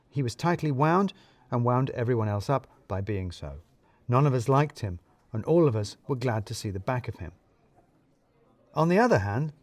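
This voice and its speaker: Wry, lively male storyteller. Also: medium pitch, dry recording. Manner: wry, dry and self-mocking. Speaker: narrator. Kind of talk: scripted first-person story narration.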